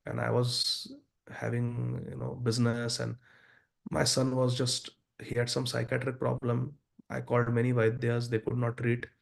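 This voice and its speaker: Gravelly-voiced man giving a devotional talk. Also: mid-range voice, monotone, normal speed. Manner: earnest, addresses listeners directly. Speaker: Bhagavatam class speaker. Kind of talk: devotional class lecture.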